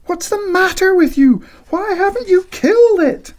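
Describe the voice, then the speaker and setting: A man voicing a frightened woman who shouts demands from the bedroom in a shrill, high voice. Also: lively intonation, moderate pace. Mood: shrill demanding.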